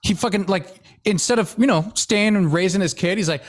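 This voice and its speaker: A man's voice: sits high, moderate pace. A man co-hosting a podcast in casual chat, laughing often and acting out quotes. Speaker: podcast co-host.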